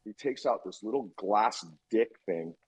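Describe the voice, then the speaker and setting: Dull audio carries a fairly low, slightly rough voice going a little slow. It belongs to a man in his fifties guesting on a podcast, who tells an animated story, voicing the dialogue and swearing plenty.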